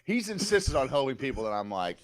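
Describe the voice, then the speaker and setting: A man's voice: medium pitch, big pitch swings, brisk, a crowd in the background. A man co-hosting a casual podcast, joking sardonically and swearing freely. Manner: sardonic, profane, jokey. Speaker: podcast co-host. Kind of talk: casual chat.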